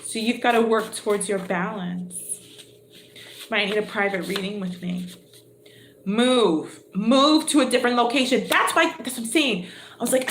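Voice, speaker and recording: A woman's voice: on the high side, animated, moderate pace, echoey room, noisy background. A woman giving a live tarot reading, chatty and exclamatory, thinking aloud as she draws cards. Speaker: tarot reader.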